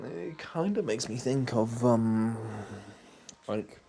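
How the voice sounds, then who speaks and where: A man's voice: mid-range voice, takes it slowly, vocal fry. A man casually commenting while he plays through an old video game and reads its dialogue aloud. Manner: relaxed, rambling asides. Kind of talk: casual let's-play commentary.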